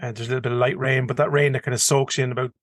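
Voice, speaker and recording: A young Irishman with a broad Kildare accent chats quickly on a hunting podcast, tumbling over his words and swearing freely. His voice sits at an ordinary pitch and is recorded close and dry, with no room around it. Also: level tone, no room sound. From Ireland. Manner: fast-talking, rambling, swears casually. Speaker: podcast co-host. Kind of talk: casual chat.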